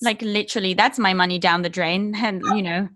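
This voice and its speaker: A woman's voice: mid-range voice, steady tone, a little fast, fairly bright tone, slight background noise. A young woman co-hosting a podcast over a video call, sarcastic and swearing a lot in casual chat. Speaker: podcast co-host.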